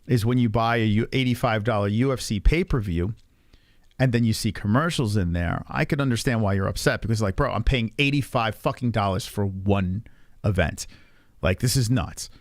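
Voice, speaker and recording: A man chatting on a live stream, blunt and full of swearing, his pitch rising and dipping a lot as he reacts to his viewers. His voice sits dry and close on the mic, with no room sound around it. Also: dry recording. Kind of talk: casual profane reaction chat.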